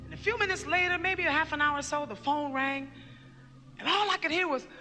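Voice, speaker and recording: A woman telling her testimony in a sermon, recounting the story with emphasis and breaking into shouted praise. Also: high-pitched, brisk, big-room sound, faint music behind. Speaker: mother giving testimony.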